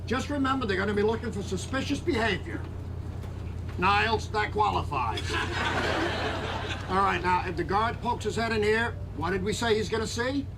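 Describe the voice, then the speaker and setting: A man's voice: high voice, moderate pace. An older actor playing a blunt, sarcastic retired policeman and father who orders his family around. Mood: wry. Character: gruff retired cop father, blunt and wisecracking. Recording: noisy television audio.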